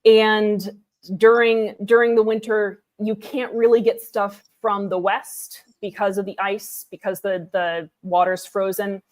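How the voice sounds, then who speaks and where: A woman's voice: mid-range voice, level tone, measured pace. A woman co-hosting a casual history podcast, explaining events in a chatty, digressive way with frequent restarts.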